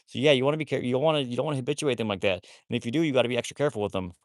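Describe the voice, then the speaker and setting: A man's voice: mid-range voice, racing, no room sound, studio quality. A man chatting casually on a phone livestream about his wolfdogs. He rambles, repeats himself and talks to viewers as y'all.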